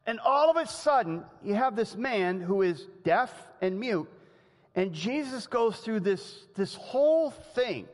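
A man preaching a sermon in a lively, conversational way, often laughing and acting out the quotes he tells. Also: sits high, measured pace. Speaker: pastor. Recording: long hall reverb.

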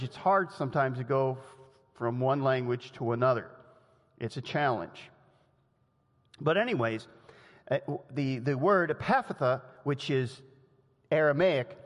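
Animated male preacher in a reverberant hall. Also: a little high. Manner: animated, conversational, laughs often, acts out quotes. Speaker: pastor. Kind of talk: sermon.

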